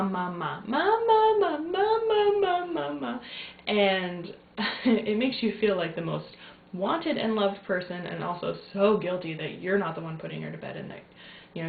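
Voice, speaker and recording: A woman's voice: mid-range voice, creaky, slight background noise. A young woman, a new mother, chatting casually to camera in a rambling way with many fillers. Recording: tinny lo-fi phone-like sound in echoey room.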